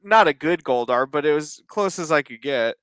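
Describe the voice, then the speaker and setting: Man, high voice, bright, teasing, jokey, casual review chat. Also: expressive, normal speed, clean tone, no room sound. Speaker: podcast guest.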